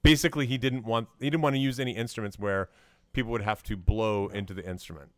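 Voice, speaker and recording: A man co-hosting a podcast in casual movie chat, measured and explanatory, pausing with hesitations. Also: lowish voice, fairly even intonation, no echo. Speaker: podcast co-host.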